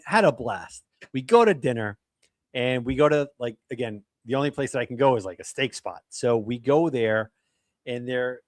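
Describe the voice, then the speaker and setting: A man talking as an interview guest, animated and laughing as he tells stories. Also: medium pitch, dry recording. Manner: animated storyteller, laughs while telling. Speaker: podcast guest. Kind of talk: casual interview chat.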